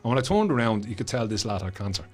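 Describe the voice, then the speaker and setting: Rapid-fire and sing-song, a low-voiced Dubliner spins an animated story as a guest author. Swearing comes freely, and he acts out the voices of everyone involved.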